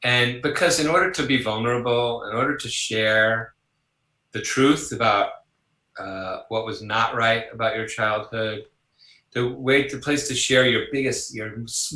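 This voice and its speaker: A man's voice: medium pitch, reverberant, low-quality recording. A psychologist being interviewed, telling personal stories in a conversational way and acting out the voices he quotes. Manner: animated, acts out quoted voices, laughs along. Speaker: psychologist guest.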